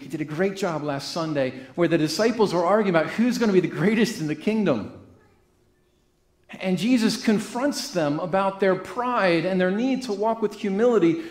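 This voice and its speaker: A man preaching a sermon as pastor, reading scripture in an earnest way and restarting phrases as he goes. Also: high voice. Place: church sanctuary. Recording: echoey church room.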